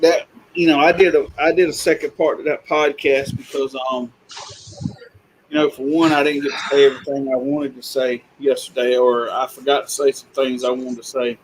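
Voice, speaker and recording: A man's voice: medium pitch, level tone, moderate pace, low-quality recording. A man chatting casually as a regular on a live stream, blunt and folksy in his remarks. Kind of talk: casual chat. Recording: faint ambient noise.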